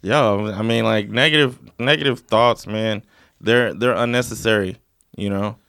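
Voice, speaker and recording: A man's voice: fairly low pitch, normal speed, creaky, a bit bright, clear, resonant tone, no room sound, clean studio sound. A man in casual conversation, talking bluntly and emphatically with frequent swearing. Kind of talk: casual chat.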